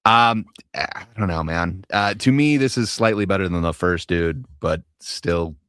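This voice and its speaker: A man hosting a casual panel discussion, measured and hesitant, with frequent fillers. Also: low-pitched, fairly bright tone, clear, resonant tone, dry recording, studio quality. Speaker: panel host.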